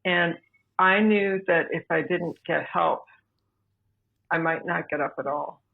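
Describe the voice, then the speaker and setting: Woman, gravelly voice, measured storytelling, tinny phone-like sound. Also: on the low side. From United States. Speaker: podcast guest. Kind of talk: personal storytelling. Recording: tinny phone-like remote line.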